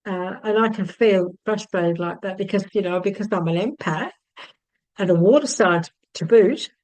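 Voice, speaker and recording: A woman teaching emotional tapping, repeating calm affirmations and then talking chattily with fillers and little laughs. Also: medium pitch, moderate pace, low-quality recording. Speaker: EFT healing teacher. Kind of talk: guided tapping session and casual talk.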